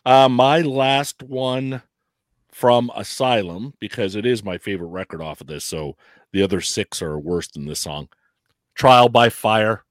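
A man co-hosting a casual chat, talking in a drawn-out, explanatory way. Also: on the low side, no echo. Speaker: podcast co-host.

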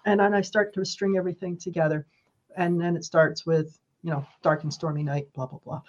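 A woman guest on a casual podcast, telling a story with animated, acted-out quotes. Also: lowish voice, a little fast, lo-fi sound.

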